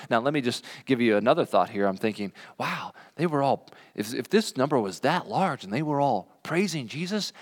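Earnest preacher in a reverberant church. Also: male voice, medium pitch. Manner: earnest, chuckles often, voice rises when stirred. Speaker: pastor. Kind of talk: sermon. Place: church sanctuary. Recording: long hall reverb.

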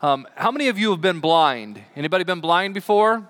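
Pastor, male, sermon in a church; fairly high, smooth voice, chatty with the congregation. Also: lively intonation, a little fast, a bit bright. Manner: chatty, asks the congregation questions. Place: church sanctuary.

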